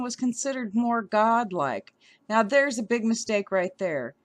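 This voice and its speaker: Woman vlogger, indignant, slow deliberate delivery, dry close sound, trips over words. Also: fairly high pitch, animated, dry recording. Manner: heated, stumbling over words. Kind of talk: indignant commentary reading an article aloud.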